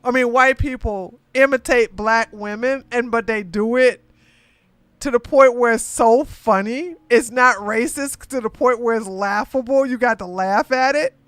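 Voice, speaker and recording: A woman hosting a casual livestream commentary, chatty and quick to laugh, with animated bursts. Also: fairly high pitch, dry recording.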